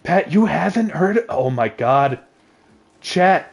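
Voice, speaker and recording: A man chatting casually on a livestream, excitable and joking, rambling from thought to thought at a desk mic. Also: on the high side, slow pace, gravelly. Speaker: streamer.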